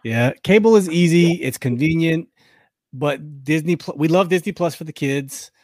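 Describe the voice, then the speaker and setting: A man's voice: a little high, moderate pace, darkish tone, no echo, studio quality. A man co-hosting a podcast, explaining things in a matter-of-fact way. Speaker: podcast co-host. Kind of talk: casual banter.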